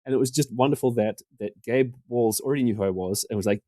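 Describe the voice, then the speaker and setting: A man in his forties, a podcast guest, telling casual stories in a self-deprecating way and getting animated when he quotes other people. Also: on the low side, rapid-fire, few pauses, no room sound, studio quality. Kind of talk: casual storytelling interview.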